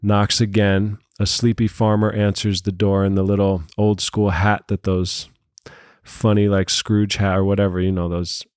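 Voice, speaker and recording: A man from New York City tells a long joke in a casual, rambling way, full of animated asides. His voice sits on the low side. The recording is dry and close, with no room sound. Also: moderate pace, clean tone, no room sound. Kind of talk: casual chat, storytelling a joke.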